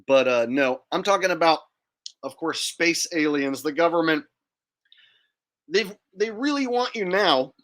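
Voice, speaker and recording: A man's voice: on the high side, animated, measured pace, a bit bright. A man hosting a livestream, talking casually in a sarcastic, mocking tone and now and then mimicking people in silly voices. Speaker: livestream host.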